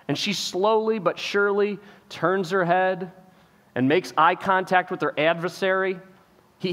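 A pastor, giving an animated sermon, acting out the characters in the story and often repeating words as he starts a phrase. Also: sits high. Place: church auditorium. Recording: reverberant church hall.

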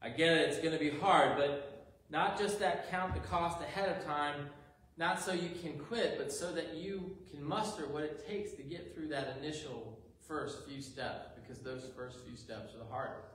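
A man's voice: a little high, normal speed, fairly bright tone. A man preaching a sermon as a pastor, earnest, leaning into the quoted lines, with dry self-deprecating humor. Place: church sanctuary. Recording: very echoey church sanctuary, faint hum.

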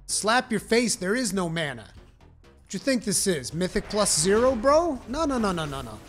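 A man giving live gameplay commentary, with brash, profane trash talk at his teammates and sudden excited shouting. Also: high-pitched, normal speed. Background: game music.

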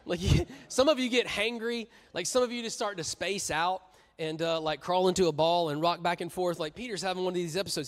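A man preaching to a youth church in a joking, animated, conversational way. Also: high voice, a little fast. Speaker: youth pastor. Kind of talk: sermon. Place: church hall. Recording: long reverb in a church hall.

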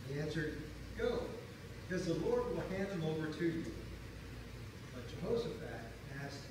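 A man in the audience reading Bible verses aloud in a careful, steady way, picked up from the back of a church hall. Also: a little high. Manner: steady, careful reading, stumbling once on a name. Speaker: audience member reading scripture. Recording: distant voice in an echoey room with noise.

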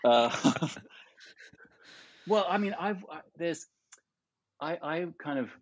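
Husky man with dry, dull lo-fi sound. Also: a little high, slow pace, dry recording. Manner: animated, laughs often, trails off and restarts. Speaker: podcast guest, artist and photographer. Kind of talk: casual chat.

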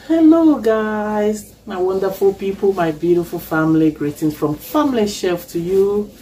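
A woman's voice: on the low side, moderate pace, mellow, slight background noise. A woman, who has a cold, hosting a chatty, reassuring cooking tutorial in her home kitchen. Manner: chatty, reassuring, repeats okay. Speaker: cooking channel host.

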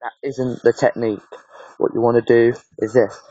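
A man's voice: medium pitch, little pitch movement, mellow, no echo. A man with a northern English accent casually explaining referee whistle techniques in a how-to video. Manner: plain, halting explanations. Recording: dull lo-fi home mic.

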